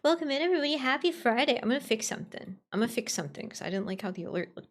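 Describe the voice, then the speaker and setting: A woman streamer in casual livestream chat, excitable, swearing freely and swinging between squeals and grumbles. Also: mid-range voice, fast, hardly any pauses.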